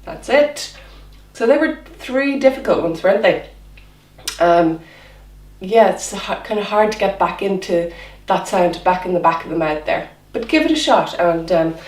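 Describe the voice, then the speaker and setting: A woman teaching a children's drama class online, encouraging them through voice and movement warm-ups. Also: fairly low pitch, echoey room, far from the mic. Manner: encouraging, demonstrating vocal exercises.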